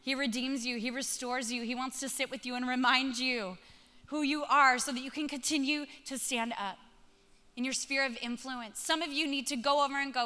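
Woman, sermon, bright voice, emphatic conversational preaching, long hall reverb. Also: sits high, steady tone, normal speed, clean tone.

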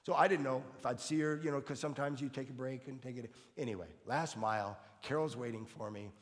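A man's voice: mid-range voice, fast, big-room sound. An older man, a pastor, telling a personal story in an earnest, conversational way. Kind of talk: storytelling sermon.

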